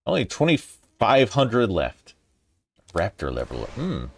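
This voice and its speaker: A man's voice: fairly low pitch, huge pitch swings, slow, gravelly, slightly rough. A man commenting on a video game as he plays, in a crude, profane, ranting manner. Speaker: gaming streamer. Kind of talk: let's play commentary.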